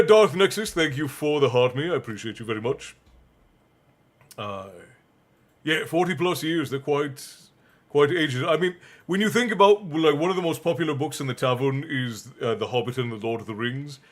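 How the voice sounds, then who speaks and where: A man's voice: mid-range voice, fairly bright tone. A young man hosting a live stream, reading a novel aloud and breaking off for chatty, joking asides to his chat. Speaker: stream host and reader.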